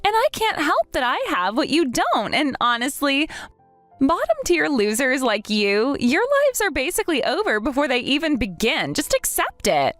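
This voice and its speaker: A woman's voice: sits high, sing-song, moderate pace, a bit bright, no echo, faint music behind, pitched above the performer's own voice. A woman voicing a haughty, mocking snob of a bride. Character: snobbish entitled young bride, condescending. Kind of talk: dramatized story voice acting.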